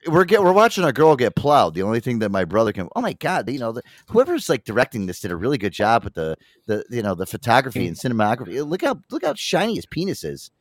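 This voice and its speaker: A man talks loosely into a studio mic, his pitch bouncing up and down as he tells stories. He swears freely and keeps breaking into quick impressions of friends. The sound is close and dry, with no room around it. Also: no echo. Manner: animated storyteller, swears freely, slips into impressions. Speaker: radio show host. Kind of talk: loose casual banter with crude humor. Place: small studio.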